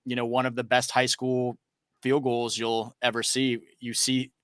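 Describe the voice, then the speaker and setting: A man's voice: mid-range voice, monotone, unhurried, fairly bright tone, clear, resonant tone, no echo. A man co-hosting a casual sports podcast, recapping game footage in detail. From Louisiana. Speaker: co-host.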